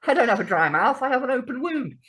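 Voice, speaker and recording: A woman's voice: high voice, very animated, fast, fairly bright tone, breathy edge. A woman co-hosting a podcast, chatty and sweary in casual talk. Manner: chatty and sweary, laughs often. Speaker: podcast co-host. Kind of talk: casual chat.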